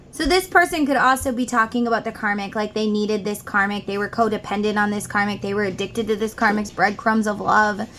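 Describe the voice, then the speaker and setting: A woman's voice: mid-range voice, fairly even intonation, brisk, few pauses, fairly bright tone, a little hiss or hum. A woman giving a casual tarot reading at home, chatting and reading song lyrics aloud between her explanations. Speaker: tarot reader.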